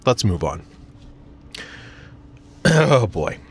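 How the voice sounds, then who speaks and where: A man's voice: on the low side, big pitch swings, very slow, husky. An American man vlogging from his parked car, rambling casually with lots of fillers and self-mocking asides. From United States.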